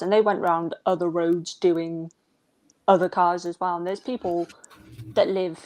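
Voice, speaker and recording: A young woman telling stories in a casual chat, with lots of "like" fillers. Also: fairly low pitch. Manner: chatty storyteller who fills her talk with "like".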